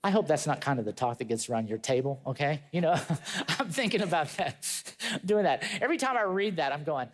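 A male pastor preaching a sermon, retelling a story with lively acted-out voices and chatty asides to his congregation. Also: fairly high pitch, brisk. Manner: animated storytelling, acting out quoted voices.

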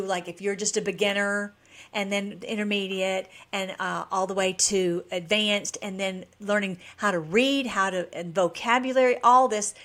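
A woman's voice: medium pitch, fairly bright tone. Chatty, eager woman vlogger. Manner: enthusiastic, rambling with frequent restarts. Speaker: channel host. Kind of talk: casual vlog chat.

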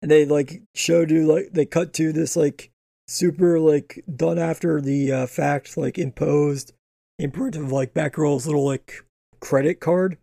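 A man's voice: fairly high pitch, steady tone, a little slow, gravelly, dark tone, no room sound, clean studio sound. A man co-hosting a casual chat about an old TV episode, laid-back and crude, laughing as he talks.

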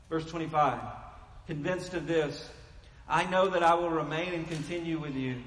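A man preaching a sermon as pastor, animated and emphatic, speaking to his congregation in a church. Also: high voice. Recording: echoey hall reverb.

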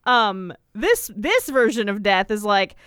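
A woman's voice: mid-range voice, big pitch swings, measured pace, fairly bright tone, clean tone, no room sound, studio quality. A woman co-hosting a casual podcast chat, peppering her talk with "like" and acting out characters' lines as she recaps an episode. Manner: fills speech with "like", acts out characters' lines. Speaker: podcast co-host.

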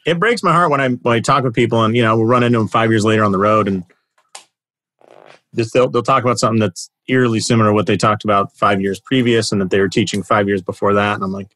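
A man's voice: on the low side, fairly even intonation, fast talker, a bit bright, dry recording. Male podcast host, easygoing and joking, close dry sound. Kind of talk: conversational interview.

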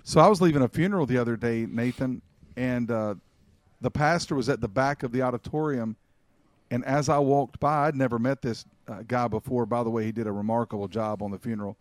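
A man's voice: mid-range voice, brisk, dry recording. A man co-hosting a podcast, speaking earnestly and encouragingly in casual chat. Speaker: podcast co-host.

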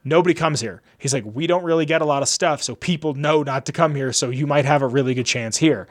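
This young man hosts a podcast and tells a long, meandering story in a fast, fairly high-pitched voice. He fills the retelling with "like" and lively, acted-out quotes from the people in it.

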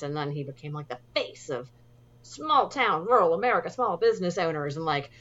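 A woman's voice: lowish voice, very animated, a little fast, a bit bright, lo-fi sound. A woman co-hosting a casual movie podcast, rambling with lots of fillers and restarts. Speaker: podcast co-host. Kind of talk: casual movie review chat.

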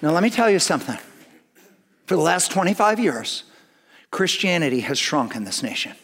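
A man with a notably high voice preaches a sermon. He delivers it earnestly, dropping to hushed tones and then building to emphatic declarations. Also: big pitch swings, moderate pace, breathy edge. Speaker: pastor.

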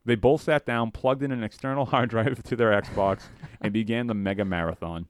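A man hosting a podcast, reading a dark comedic story aloud with animated quoted voices and laughing at his own jokes. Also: lowish voice, moderate pace, a little hiss or hum.

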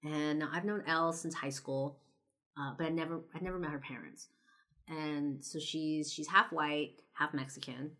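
A young woman from Los Angeles talks straight to camera in a low, deep-set voice. Her delivery is loose and conversational, scattered with "like" and "you know", and she swears bluntly as she tells her story. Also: fairly even intonation, normal speed, a bit bright. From Los Angeles, United States. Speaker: vlogger.

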